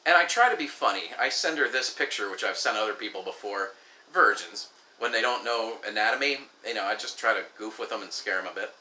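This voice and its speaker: A man's voice: fairly low pitch, a little fast, sharp tone, a little hiss or hum. A man vlogging in a casual storytelling monologue, candid and rambling with frequent restarts and asides. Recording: echoey room.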